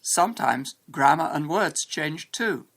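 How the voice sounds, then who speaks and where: Gravelly-voiced man explaining English. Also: fairly high pitch, animated, a bit bright. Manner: measured, explanatory. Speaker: English teacher. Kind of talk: scripted educational narration.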